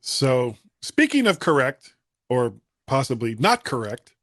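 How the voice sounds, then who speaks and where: A man's voice: medium pitch, very animated, unhurried, no room sound. A man hosting a podcast in casual chat, jokey and playful, laughing at himself. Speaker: podcast host.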